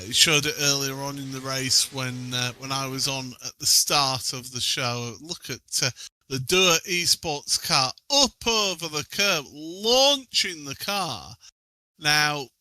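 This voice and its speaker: A man's voice: a little high, sharp tone, a little hiss or hum. A man commentating a sim race in a chatty, joking way, with lots of fillers. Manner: chatty, jokey, many fillers.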